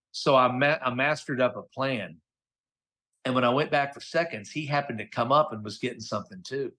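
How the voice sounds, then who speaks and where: A middle-aged man tells stories as a guest on a casual interview show. He keeps up an animated delivery and acts out the voices of the people he quotes. His voice sits at a medium pitch. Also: normal speed. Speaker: guest voice actor. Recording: podcast audio.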